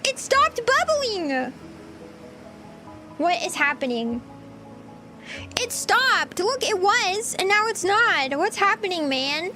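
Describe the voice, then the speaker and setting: A woman's voice: very high voice, big pitch swings, slow, long pauses, pushed and bright, faint music behind. A woman streaming herself cooking, chatting flustered and giggly to her viewers. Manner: giggly, flustered, talks to chat while cooking. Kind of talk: casual livestream chat.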